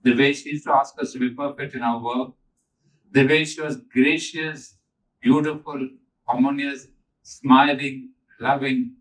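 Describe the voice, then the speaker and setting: A man's voice: mid-range voice, fairly even intonation, unhurried, recorded from a distance, rough recording. An older man giving an earnest spiritual talk to a gathering, stressing points by repeating them. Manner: earnest, emphatic, repeats key phrases. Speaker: spiritual teacher.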